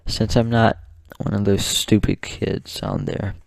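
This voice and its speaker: Young guy ranting into the camera, slow and flat, gravelly, kinda out of breath, swears a lot. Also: fairly low pitch, no room sound, clean studio sound. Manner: slow, halting, with swearing and restarts. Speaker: vlogger. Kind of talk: casual rant to camera.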